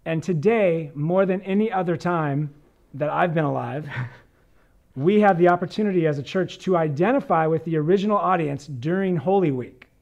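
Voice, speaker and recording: A man's voice: a little high, moderate pace, creaky, a little mellow, highs cut off. A man preaching as a pastor, reading scripture and talking through it in an earnest conversational sermon.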